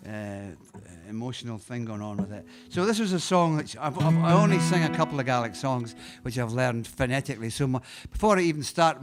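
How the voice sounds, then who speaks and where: A man with a Scottish accent, a singer-songwriter hosting a live music show, chatting casually and telling homely stories between songs. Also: medium pitch. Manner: relaxed and rambling, gentle chuckles, homely storytelling.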